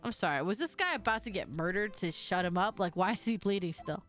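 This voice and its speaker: A young adult woman streamer reacting casually to a game, animated, laughing and swearing. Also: medium pitch, brisk, soft background music. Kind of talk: casual live game commentary.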